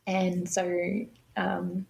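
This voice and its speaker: A young woman telling a personal story as a podcast guest, unhurried and reflective. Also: lowish voice, completely flat delivery, creaky, a little mellow, poor audio. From Australia.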